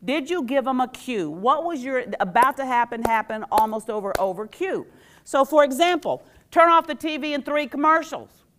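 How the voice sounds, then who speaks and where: Animated woman leading a workshop. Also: high voice, moderate pace. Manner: animated, quizzes the audience and leads call-and-response. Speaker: educator and workshop speaker. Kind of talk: lively workshop talk to a live audience.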